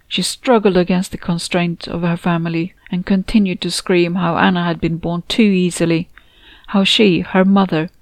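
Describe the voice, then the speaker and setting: A woman reading her own novel aloud in steady, descriptive audiobook narration. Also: fairly low pitch, dry recording. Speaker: author and narrator.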